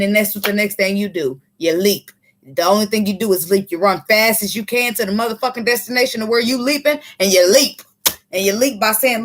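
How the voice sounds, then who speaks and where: A woman's voice: mid-range voice, fairly even intonation, fairly quick. A woman giving a casual tarot reading, blunt and preachy, swearing freely. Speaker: tarot reader. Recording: faint background noise.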